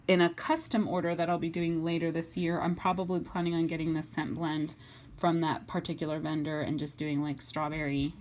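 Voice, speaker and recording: Chatty woman, low-pitched, faint hiss. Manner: chatty, enthusiastic, lots of fillers. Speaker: wax melt reviewer. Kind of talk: casual review vlog. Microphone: webcam or phone mic.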